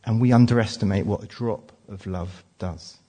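Preacher, male, 40s, husky, chatty storytelling sermon. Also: fairly low pitch, normal speed, warm tone. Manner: conversational, frequent restarts and "uh" fillers. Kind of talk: sermon with personal stories.

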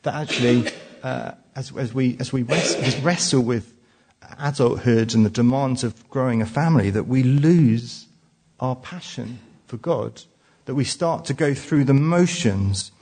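A man's voice: mid-range voice, unhurried, darkish tone, breathy edge. A man in his forties from England preaching a sermon, telling personal stories in a conversational way with frequent restarts and fillers.

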